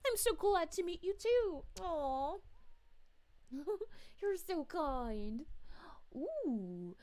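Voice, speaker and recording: A woman's voice: very high-pitched, sing-song, extremely slow, warm tone, heavily acted. A woman voicing a cheerful, gushing female city mayor in an in-character livestream, bubbly, giggly and sweetly polite. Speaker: VTuber streamer.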